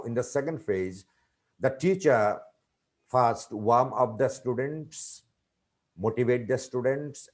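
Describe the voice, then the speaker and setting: A man giving a webinar lecture on teaching vocabulary, speaking deliberately and spelling out words letter by letter. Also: medium pitch, darkish tone. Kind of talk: lecture presentation.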